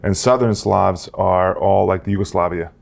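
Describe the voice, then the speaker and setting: A man's voice: deep voice, steady tone, normal speed, gravelly. A man co-hosting a casual comedy podcast, rambling and joking as he lectures on history trivia. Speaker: podcast co-host.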